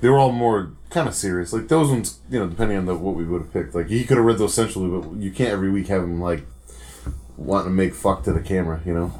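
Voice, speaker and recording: Low-voiced man, profane and rambling. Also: quick pace, a little mellow. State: tipsy. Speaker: podcast co-host. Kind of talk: casual chat.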